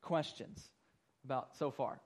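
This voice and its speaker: A man's voice: mid-range voice, a little slow. A man pastor teaching a Bible class, earnest and explanatory, often repeating words as he explains.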